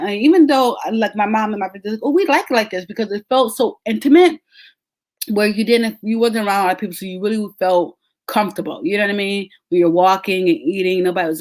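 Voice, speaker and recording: Podcast host lady, thirties, animated storytelling, lots of laughs. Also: mid-range voice. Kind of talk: casual chat.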